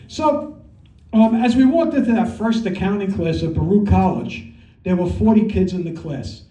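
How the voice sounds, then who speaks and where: A middle-aged man with a thick New York Italian-American accent tells brash, profane jokes in a stand-up set. His voice sits high for a man yet sounds dark and mellow. The room echoes, and he is heard from a little way off the mic. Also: a little fast, far from the mic. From Brooklyn, New York. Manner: brash, profane storytelling with punchlines. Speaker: stand-up comedian. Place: comedy club with audience. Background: audience laughter.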